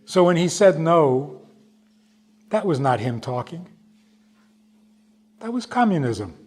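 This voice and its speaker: A man, a rabbi, giving an unhurried storytelling lecture, stretching key words for emphasis. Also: fairly high pitch, big pitch swings, a little mellow, husky.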